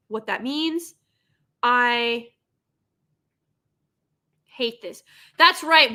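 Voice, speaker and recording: Young woman streamer, sarcastic reaction commentary, fairly high and bright-toned voice. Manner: sarcastic, exasperated critique.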